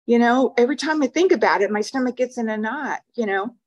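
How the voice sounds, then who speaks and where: Older woman, meeting speaker; rambling, chatty testimony, voice a touch high. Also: expressive, fast talker, dull audio. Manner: rambling, warm storytelling with fillers and laughs. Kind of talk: personal testimony talk. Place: meeting room.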